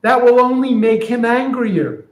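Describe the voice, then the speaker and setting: A man voicing a meek male donkey who stammers and defends his owner, in a higher, softer voice than his own, in an echoey room. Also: steady tone, a little slow. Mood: meek, defensive. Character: meek battered male donkey, loyal, making excuses. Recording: roomy echo.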